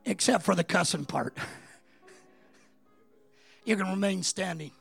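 A man preaching a sermon as a pastor, telling a story in a low, conversational voice that climbs into shouted, impassioned preaching. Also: measured pace, gravelly, husky, faint music behind.

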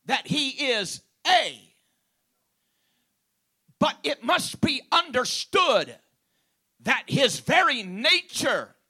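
High-voiced, emphatic male preacher. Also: bright, forceful tone, husky. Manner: emphatic, drawing out key words; punctuates with praise and amen. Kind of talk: sermon.

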